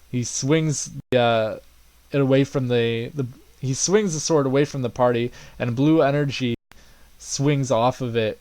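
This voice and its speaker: Brief: male game master narrating a tabletop game, loose and filler-heavy, average pitch, dry recording. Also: darkish tone, dry recording.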